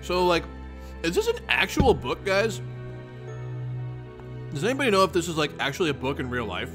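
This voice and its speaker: Over background music, a man with a slightly high voice reads a webcomic aloud at a moderate pace. Giggly and excitable, he laughs often and chats with viewers between lines.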